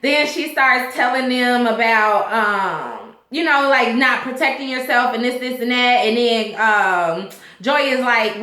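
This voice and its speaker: A woman casually recapping a TV episode, acting out the characters' lines with lively voices. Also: a little high, unhurried. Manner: animated retelling, acts out characters' lines. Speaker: TV recap vlogger. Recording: echoey room.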